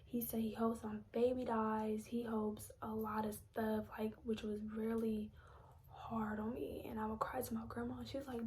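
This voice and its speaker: A woman's voice: a little high, level tone, moderate pace, a little mellow, slight background noise. A young woman telling a personal story to her viewers, often half-whispering and holding back tears. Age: young adult. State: close to crying. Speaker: vlogger.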